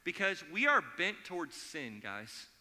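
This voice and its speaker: A man delivers a sermon in a church sanctuary, his voice high and sharply bright. He tells stories with energy and slips into the voices of the people in them. A long reverb from the hall trails each phrase. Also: unhurried. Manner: animated storytelling, acts out quoted voices. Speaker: pastor.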